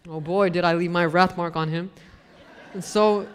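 A man preaching a sermon, telling personal stories in a lively way and acting out the voices of the people in them. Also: high-pitched, fairly quick, clean tone. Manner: lively storyteller who acts out the people he quotes. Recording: long echo of a large hall.

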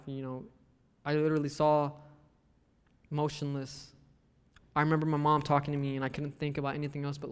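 A man's voice: a little high, smooth. A man preaching in a church, his slightly raised voice trailing off into a long hall echo. He tells personal stories with life and acts out the people in them. The setting is a sermon. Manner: lively storyteller who acts out the people he quotes.

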